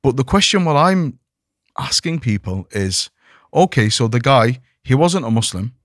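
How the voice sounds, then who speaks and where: Earnest imam talking with many restarts. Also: male voice, mid-range voice, normal speed, dry recording, studio quality. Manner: animated, many repeated restarts. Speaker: imam, podcast guest. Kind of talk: earnest conversational discussion.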